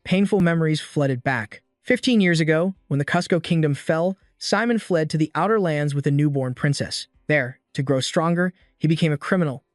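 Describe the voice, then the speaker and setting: A man narrating a scripted story recap with a steady storytelling delivery. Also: on the high side, dry recording, studio quality.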